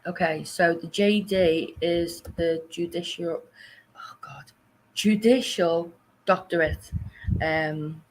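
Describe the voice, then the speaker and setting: A woman's voice: lowish voice, fairly even intonation, slow pace, rough recording. Chatty woman hosting a livestream. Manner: chatty, laughs often, rambling asides. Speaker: livestream host. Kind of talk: casual livestream chat. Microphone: shared desk microphone.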